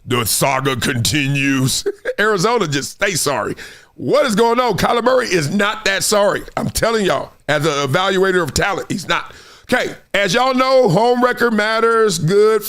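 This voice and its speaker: Talking directly to viewers in a high voice at normal speed, this man hosts a laid-back sports commentary show. His delivery is animated and full of slang, now and then drifting into sing-song passages.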